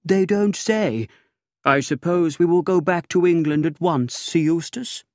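A man's voice: a little high, measured pace, dry recording, clean studio sound, pitched above the performer's own voice, natural voice. A man voicing a grave, dutiful secretary. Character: earnest, upright male secretary, grave and dutiful.

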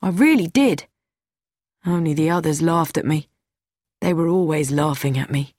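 A woman's voice: deep voice, moderate pace, darkish tone, no room sound, studio quality. A woman reading an audiobook, voicing a sad, anxious young man who pleads and pities himself. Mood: pleading. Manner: pleading, self-pitying.

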